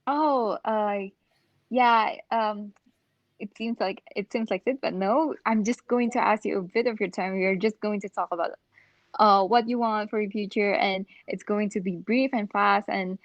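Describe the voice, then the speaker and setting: A woman's voice: mid-range voice, moderate pace, dry recording. A young woman training as a community manager, speaking hesitantly with many fillers and small laughs. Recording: dry, muffled recording.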